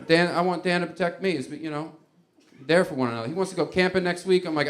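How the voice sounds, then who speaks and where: A man's voice: a little high, fast talker. A man doing a rambling stand-up comedy routine, chuckling and acting out little quotes. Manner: rambling, laughing, acts out quotes.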